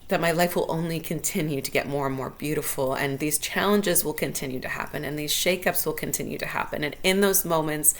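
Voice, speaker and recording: A woman's voice: low voice, a bit bright. A woman hosting her own show, talking earnestly and from the heart as she thinks aloud on her own. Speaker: podcast host. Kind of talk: solo reflective monologue.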